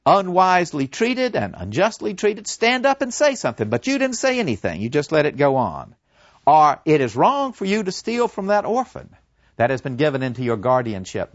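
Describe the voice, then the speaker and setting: A serene old philosopher facing his death, voiced by a man telling the story, preaching about the soul with earnest conviction. His voice swings widely in pitch, rising and falling with feeling. The sound is dull and muffled, close and dry. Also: no room sound. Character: serene old male philosopher awaiting execution. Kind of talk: dramatic storytelling.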